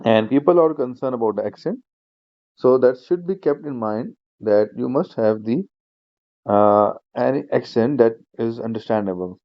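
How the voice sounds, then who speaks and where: A man teaching an online speaking-skills class, explaining each point slowly and repeating himself, with plenty of fillers like "you know". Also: mid-range voice, no echo, muffled recording. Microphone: shared screen video class.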